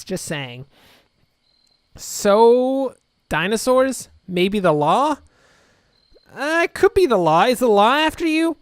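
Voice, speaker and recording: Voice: mid-range voice, no room sound, studio quality. A video game let's-play host giving casual commentary and reading the dialogue aloud, with sarcastic, wry asides.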